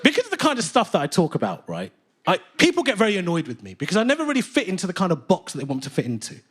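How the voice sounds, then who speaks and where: Animated English comedian telling stories on stage. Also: male voice, sits high, racing, husky. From England. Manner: animated storytelling, bursts into loud indignant rants. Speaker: stand-up comedian. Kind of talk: stand-up comedy set. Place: large theatre stage. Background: audience laughter.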